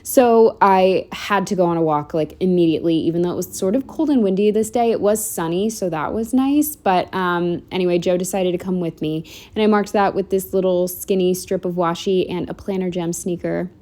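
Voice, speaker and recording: A woman's voice: lowish voice, normal speed, few pauses, a little mellow. A woman narrating a casual planner walkthrough at home, chatty and rambling with lots of "like" and "um". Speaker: planner vlogger.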